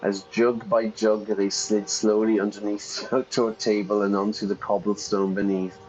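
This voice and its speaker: Low-voiced man reading a game aloud. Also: flat delivery, darkish tone, muffled recording, slight background noise. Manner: playful, pauses to gloss vocabulary and self-correct. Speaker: English teacher streaming a game. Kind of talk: reading game text aloud and explaining words.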